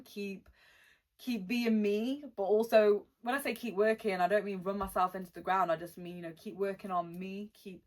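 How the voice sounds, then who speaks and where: A young woman rapper with a mixed British accent, born in Wales and living in the West Midlands, answering fan questions in a casual, blunt, slangy way. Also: mid-range voice. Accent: mixed British, Welsh-born with West Midlands and London touches. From born in Wales, lives in the West Midlands. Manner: chatty, blunt, slangy, reads questions aloud slowly. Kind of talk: casual Q&A vlog.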